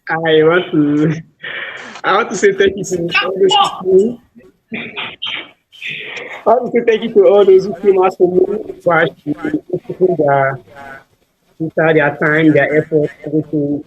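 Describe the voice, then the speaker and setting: A man who came second in a contest giving halting thanks. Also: on the high side, husky, narrow, tinny audio. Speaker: contest runner-up.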